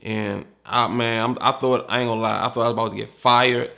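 Gravelly DC man telling a candid story. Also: mid-range voice, little pitch movement, brisk, sharp tone. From Washington, DC. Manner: candid and profane, acts out the people he quotes. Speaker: retired homicide detective recounting his career. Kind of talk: casual personal storytelling.

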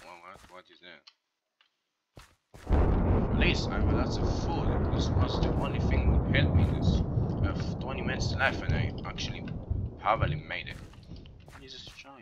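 A man's voice: mid-range voice, background noise. A man giving live horror game commentary in broken, non-native English, panicky and exclaiming. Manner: panicky, exclaiming, swears under stress. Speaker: gameplay commentator. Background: loud game music.

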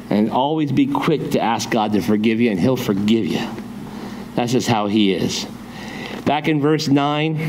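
Animated casual man preaching a sermon. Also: a little hiss or hum. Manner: lively, acts out quotes with shifting pitch, chatty asides. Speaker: pastor. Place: church sanctuary.

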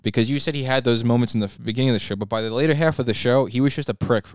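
A man's voice: medium pitch, rapid-fire, smooth, no room sound, clean studio sound. A young man co-hosting a podcast, giving blunt opinions in casual chat with swearing. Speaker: podcast co-host.

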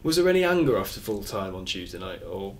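Low-voiced male club interviewer. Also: big pitch swings, fast talker. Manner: plain conversational questioning. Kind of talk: interview questions.

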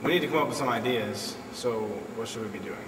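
A man's voice: mid-range voice, fast. A young man in a comedy sketch, questioning his partner with exasperation. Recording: echoey room from a distance, noisy.

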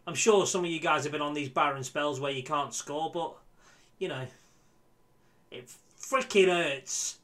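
A man's voice: a little high, fairly even intonation, fairly quick, a bit bright. A man giving casual, exasperated commentary on his football management game, swearing and talking to his viewers. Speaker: gaming YouTuber.

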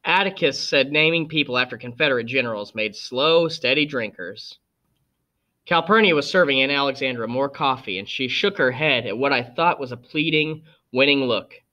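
A man reading a novel aloud as a narrator, with steady storybook delivery. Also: mid-range voice, moderate pace, highs cut off. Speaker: audiobook reader. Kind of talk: scripted narration.

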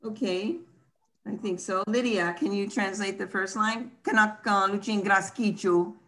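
Woman teacher on a video call, patient, explains each point slowly and clearly. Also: medium pitch, fairly even intonation, bright, forceful tone. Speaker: language teacher. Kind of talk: online language class.

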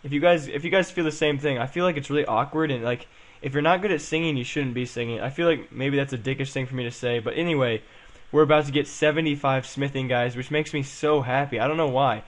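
Young guy rambling thru his game vid, talks super fast, mid pitch, lots of ums. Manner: rambling, chatty, frequent "um" and "guys". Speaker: gaming channel host. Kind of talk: casual game commentary.

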